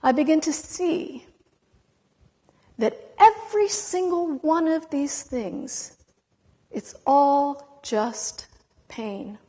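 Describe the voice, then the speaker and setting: A woman giving an impassioned spiritual talk, emotional and intense, with long dramatic pauses between words. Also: sits high, animated, mellow. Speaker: spiritual speaker. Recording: long hall reverb.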